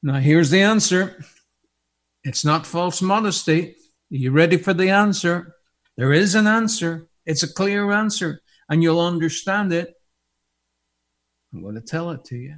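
Older man, preacher, lively sermon, raised pitch, playful questions. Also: measured pace, long pauses, breathy edge. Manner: animated storytelling with humor and rhetorical questions.

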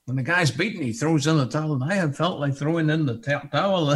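A man's voice: a little high, moderate pace, slightly rough. An older man preaching a sermon, telling stories with humor and asking the congregation questions. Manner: animated storytelling with humor and rhetorical questions.

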